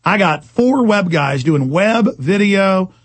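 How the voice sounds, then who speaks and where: A man hosting a talk radio show, ranting angrily, repeating himself and shouting. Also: high-pitched, lively intonation, slow pace. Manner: shouting, indignant, repetitive. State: agitated. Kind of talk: angry talk radio rant.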